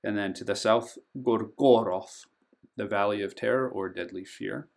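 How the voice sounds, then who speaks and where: Over a game map, this board game channel host gives a careful, unhurried pronunciation lesson, drawing out and emphasizing every name while frequently saying um. He has a lowish, creaky voice.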